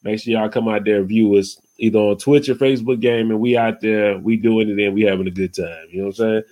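A man's voice: lowish voice, fairly even intonation, fast talker, warm tone. A man hosting a podcast in loose, rambling casual chat, peppered with "you know what I'm saying" and getting heated when he rants. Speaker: podcast host.

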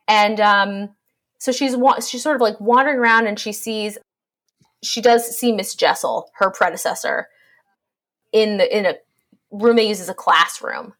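A woman's voice: fairly high pitch, normal speed, a bit bright. A woman on a podcast casually summarizing a story, irreverent and swearing freely as she jokes along. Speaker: podcast co-host. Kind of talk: casual book discussion chat.

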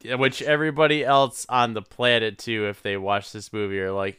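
A man's voice: medium pitch, level tone, a little fast, a bit bright, clean tone, dry recording, studio quality. A man co-hosting a casual podcast, laid-back and joking crudely as he laughs through a movie recap. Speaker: podcast co-host.

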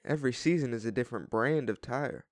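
A man's voice: mid-range voice, fast. Easygoing joking podcast co-host man. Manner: easygoing, joking, dry humor. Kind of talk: casual chat.

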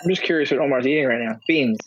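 A man co-hosting a casual podcast, telling animated stories and mimicking the people in them. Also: mid-range voice, very fast, highs cut off, noisy background. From New York family. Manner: animated storyteller, mimics voices. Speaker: podcast co-host. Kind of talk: casual chat.

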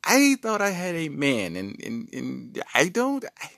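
A man voicing a sassy, quick-tongued wife who teases her husband with a giggle. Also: fairly high pitch, huge pitch swings, creaky, fairly bright tone, no room sound, clean studio sound, voice pushed up, full character voice.

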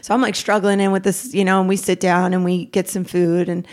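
A woman in her thirties, a podcast guest, telling a raw personal story in a lively way, jumping up in pitch when she quotes people. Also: brisk. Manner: animated, acts out quotes with pitch jumps.

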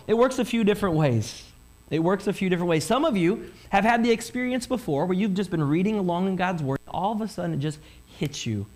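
A man preaching a Sunday sermon as pastor, animated, asking rhetorical questions and voicing listeners' thoughts. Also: on the high side.

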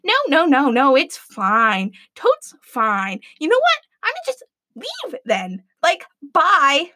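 A woman's voice: high voice, huge pitch swings, slow, no echo, clean studio sound, exaggerated voice. Woman doing a chatty, quirky young princess. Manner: chatty, valley-girl slang, bright.

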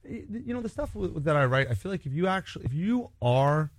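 A man's voice: on the high side, very animated, brisk, dry recording. Rambling self-assured American man. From United States. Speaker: guest, author. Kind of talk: casual interview chat. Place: home studio.

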